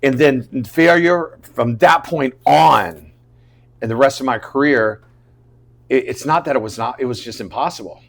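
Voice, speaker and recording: A man from Jacksonville, Florida, telling an animated story as a podcast guest, dropping to a hush and then rising loud. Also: mid-range voice, unhurried, gravelly. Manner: dramatic, swings between loud and hushed. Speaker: guest, actor.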